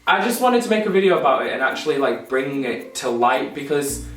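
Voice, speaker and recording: A man's voice: mid-range voice, expressive, a little fast, fairly bright tone, faint music behind. A young man telling stories in a casual vlog, chatty and laughing often, swearing freely. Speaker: vlogger. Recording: echoey room, mic at a distance.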